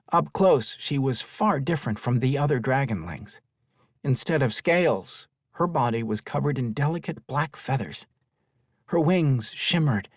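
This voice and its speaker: A man narrating a children's fantasy audiobook in an expressive storytelling manner. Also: mid-range voice, no echo, studio quality. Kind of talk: scripted narration.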